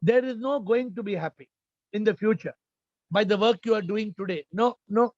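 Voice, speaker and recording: A man's voice: high voice, moderate pace, darkish tone, no room sound, dull audio. A man as a spiritual teacher answering audience questions in an informal talk, repeating phrases and often checking with his listeners. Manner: repetitive, emphatic, questioning the audience.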